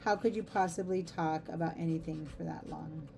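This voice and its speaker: A woman's voice: low-pitched, steady tone, normal speed, gravelly, dark tone, a little hiss or hum. A middle-aged woman hosting a craft livestream, chatting casually and giggling through rambling asides as she works. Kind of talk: casual chat while crafting.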